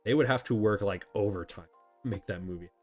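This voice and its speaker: Over soft background music, a man with a lowish voice hosts a casual chat at a brisk pace. He answers viewer questions in a rambling, self-correcting way and laughs often.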